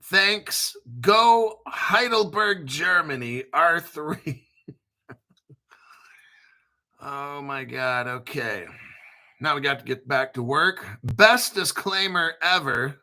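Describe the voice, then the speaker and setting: A man's voice: a little high, takes it slowly, sharp tone. A male host giving casual livestream commentary in a brash, profane, joking hype manner. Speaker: crypto show host.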